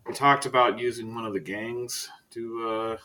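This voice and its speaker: A man running a tabletop game with casual, halting narration. His voice is bright and sharp. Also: medium pitch, steady tone, a little hiss or hum. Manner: casual, halting, with many fillers. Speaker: game master.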